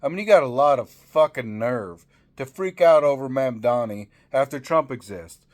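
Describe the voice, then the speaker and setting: A man's voice: mid-range voice, expressive, moderate pace. Angry, profane man ranting. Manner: profane, heated, repetitive stammering restarts. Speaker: political commentator. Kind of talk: angry political rant to camera.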